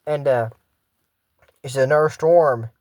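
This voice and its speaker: A man casually recapping a cartoon episode. He rambles with fillers and asides, and reads character lines aloud in a flat way. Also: mid-range voice, slow, no room sound.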